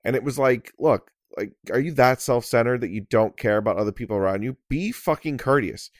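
A man's voice: mid-range voice, fairly quick, no room sound, clean studio sound. A young man co-hosting a podcast, ranting in an exasperated way and swearing often. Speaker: podcast co-host. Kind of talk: casual rant.

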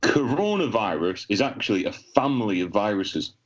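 A man, a podcast co-host telling crude jokes in casual banter with a deadpan delivery. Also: lowish voice, normal speed. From England. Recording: dull lo-fi sound.

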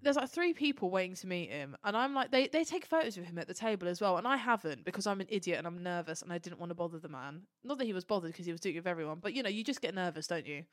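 A woman co-hosting a fan podcast, telling a long story in a gushing, animated way and swearing casually. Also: on the low side, rapid-fire, hardly any pauses, dry recording, studio quality. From Turkish heritage. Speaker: podcast co-host. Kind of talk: casual chat.

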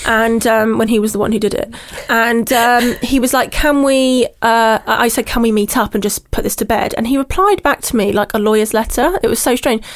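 A woman, a podcast guest, telling a personal story in casual chat, animated, mimicking other people's voices and laughing as she goes. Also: fairly high pitch, normal speed, hardly any pauses.

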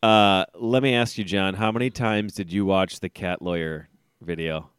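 Smooth-voiced joking man in his forties. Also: low voice, fairly even intonation, moderate pace, fairly bright tone, dry recording, studio quality. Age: 40s. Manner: joking, swears freely, laughs often. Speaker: podcast co-host. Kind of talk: casual chat.

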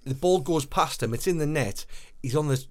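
A man's voice: fairly high pitch, moderate pace. A man co-hosting a podcast, chatting casually and explaining in detail, often stumbling and repeating words before he gets going. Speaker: podcast co-host. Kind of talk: casual chat about goalkeeping.

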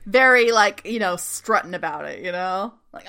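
Woman, co-host, casual recap chat, animated, quick character voices, bright tone. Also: medium pitch. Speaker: podcast co-host.

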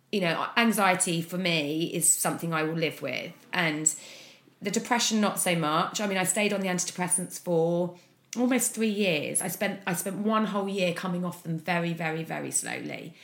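A woman speaking as an interview guest, frank and open in a candid personal account, often pausing on fillers. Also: fairly low pitch, fairly bright tone. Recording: echoey room.

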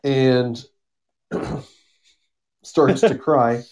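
A man's voice: medium pitch, extremely slow, a little mellow. Guy on a comic podcast walking through the plot, lots of ums, does little voices for the characters. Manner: rambling summary with fillers and laughs, acting out quotes. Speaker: podcast co-host. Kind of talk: casual comic book recap.

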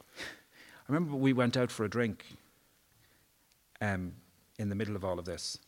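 A man with a lowish voice, speaking at a normal pace, is an interview guest at a live event with an audience. He tells a personal story candidly and with emotion, swearing freely.

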